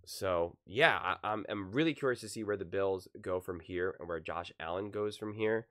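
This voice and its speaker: A man's voice: low voice, moderate pace, fairly bright tone. A man hosting his own sports channel, giving impassioned casual opinion commentary to camera, repeating words and restarting sentences.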